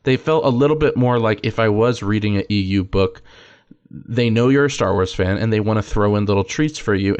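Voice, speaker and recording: A man in a casual podcast discussion, talking emphatically and enthusiastically as he shares strong opinions. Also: fairly low pitch.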